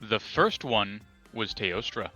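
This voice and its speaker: A man's voice: lowish voice, lively intonation, takes it slowly, pushed and bright, soft background music. A young man in casual chat with friends, quizzing them on monster trivia with enthusiasm and plenty of swearing.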